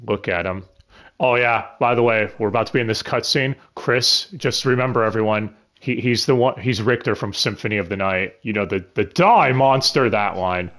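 A man's voice: on the low side, normal speed, a bit bright. A man casually commentating a game stream, chatty and enthusiastic with some swearing. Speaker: let's-play host.

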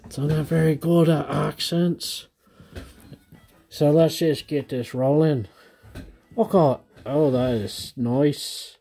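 A man in his thirties chatting casually to viewers at home as he opens trading card packs, excitable and gushing over each card. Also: on the high side, slow, creaky. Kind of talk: casual unboxing chat.

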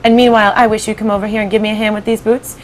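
A woman's voice: mid-range voice, little pitch movement, rapid-fire, slight background noise, close to an everyday voice. A woman reading aloud to a class, voicing a hearty, bossy male centipede from a storybook.

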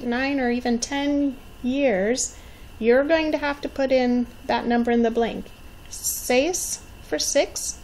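A woman in her forties, a teacher giving a patient Spanish lesson for young children, modeling words slowly and encouraging them to repeat. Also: high-pitched, a little mellow, slight background noise, rough recording. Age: 40s. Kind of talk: slow, clearly enunciated language lesson.

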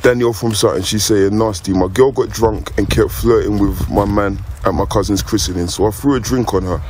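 Low-voiced man reading letters. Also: steady tone, brisk, background noise. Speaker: podcast co-host reading letters. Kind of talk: reading listener letters aloud.

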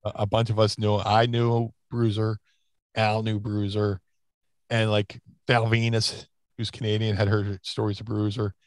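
A man's voice: on the low side, monotone, unhurried, dry recording. Rambling man telling wrestling stories. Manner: rambling anecdotes with many restarts and fillers. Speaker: interview guest, former wrestler. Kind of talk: casual storytelling.

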